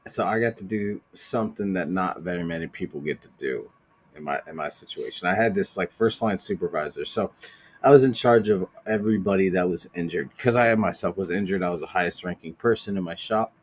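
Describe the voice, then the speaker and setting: Pria berbicara rendah, bercerita kasar. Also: male voice, deep voice, a little fast. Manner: profane, animated storytelling. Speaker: podcast host. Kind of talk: casual chat.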